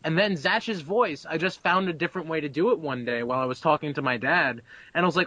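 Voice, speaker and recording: Young male interview guest; brash, chatty, curses a lot, slightly higher pitch, dry sound. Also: fast, bright, forceful tone, no echo. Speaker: abridged-series voice actor, interview guest. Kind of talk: casual interview.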